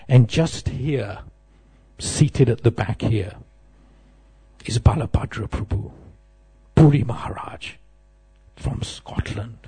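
A man's voice: medium pitch, a little mellow. A middle-aged man giving a devotional class, telling humorous, self-deprecating stories. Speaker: temple speaker.

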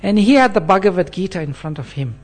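A man's voice: high voice, lively intonation, fast talker. A man preaching a scripture class in an earnest sermon style, checking in with his listeners as he goes.

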